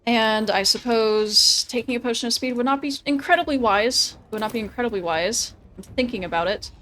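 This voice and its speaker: A woman's voice: on the high side, a little fast. Chatty woman streaming a game. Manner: chatty, laughs often, swears casually; thinks out loud through tactics. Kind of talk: casual gameplay commentary.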